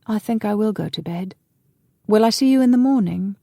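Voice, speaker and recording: A woman voicing a frail young nobleman, soft-spoken and hesitant, in an audiobook. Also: medium pitch, normal speed, creaky, no room sound, studio quality, pitched above the performer's own voice. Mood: wistful. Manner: gentle, wistful, soft-spoken.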